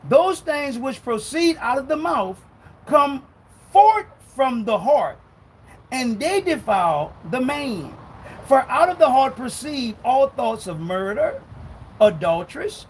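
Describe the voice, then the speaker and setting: A man preaching a sermon in a loud, fiery way, swinging between shouting and low muttering. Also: a little hiss or hum, rough recording. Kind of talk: street-style sermon.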